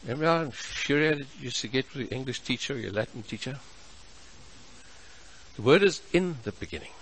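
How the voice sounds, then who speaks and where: A man preaching a sermon as pastor, measured and emphatic, stretching out his key words. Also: mid-range voice, a bit bright, slight background noise, poor audio. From South Africa.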